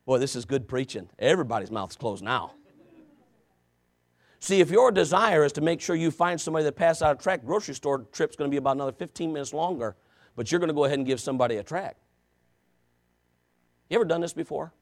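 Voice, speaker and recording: A man preaching a sermon, telling a story with asides to the congregation and swinging from shouting to quiet confession. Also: fairly high pitch, expressive, quick pace, pauses often.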